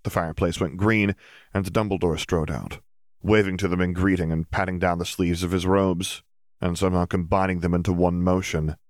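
A man narrating a fantasy story in a steady, even reading. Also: deep voice, normal speed, no echo, studio quality. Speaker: audiobook narrator. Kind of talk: fan fiction audiobook reading.

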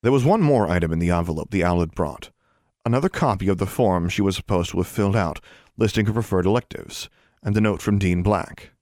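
A male audiobook narrator reads with an even, measured delivery. His voice sits on the low side. The recording is dry and close. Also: dry recording. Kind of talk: scripted narration.

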